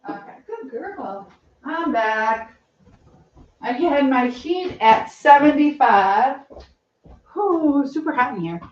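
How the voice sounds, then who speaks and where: A woman's voice: high-pitched, expressive, slow, lo-fi sound. A woman hosting a cooking livestream in her home kitchen, chatting casually and rambling to viewers while she cooks. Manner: chatty, rambling, greets viewers, laughs often.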